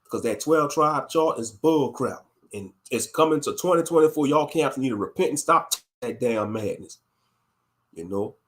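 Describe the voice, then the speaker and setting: A man's voice: medium pitch, animated, normal speed. A man delivering a blunt, heated commentary rant as a YouTube commentator. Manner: blunt, heated, repeats catchphrases. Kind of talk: ranting commentary.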